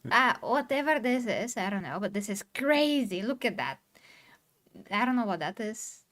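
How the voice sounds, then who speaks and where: A woman with a fairly high voice talks bluntly on a casual stream, irritable and quick to swear. She runs through points in a dismissive, opinionated way. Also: sing-song, a bit bright. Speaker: podcast co-host. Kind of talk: casual chat.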